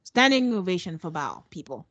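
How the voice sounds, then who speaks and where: A woman's voice: fairly low pitch, sing-song, moderate pace, fairly bright tone, no echo, dull audio. A woman co-hosting a casual recap chat, blunt and sarcastic as she retells what happened. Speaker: podcast co-host.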